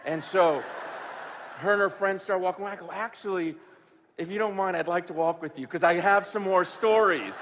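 A man preaching a sermon, telling a story in a conversational way that swings from hushed to sudden loud bursts. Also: high voice, brisk, long reverb tail, a little hiss or hum. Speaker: pastor.

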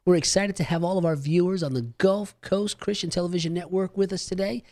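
A man hosting a Christian radio and TV talk show, telling stories in a lively, laughing way. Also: high-pitched, fairly quick, dry recording. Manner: animated, laughing storyteller. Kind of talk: casual studio chat.

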